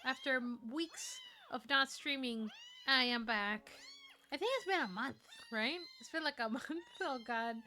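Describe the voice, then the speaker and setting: A woman's voice: sits high, very animated, measured pace, pushed and bright, a little hiss or hum. A woman streamer chatting casually on a livestream, gushing and cooing in baby talk at a cat video. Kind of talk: casual livestream reaction chat.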